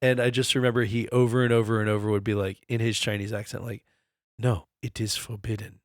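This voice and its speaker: A man's voice: lowish voice, little pitch movement, fast, no echo, studio quality. A man in his forties co-hosting a podcast, telling stories in a loose, profane, easygoing way. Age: 40s. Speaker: podcast co-host. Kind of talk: casual chat.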